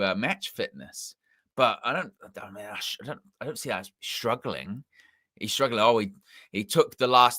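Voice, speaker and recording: A man's voice: fairly low pitch, bright, forceful tone, no room sound, studio quality. Rambling English man hosting a football stream. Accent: mixed English. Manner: rambling, self-correcting, repeats words. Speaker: football channel host. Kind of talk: casual live-stream chat.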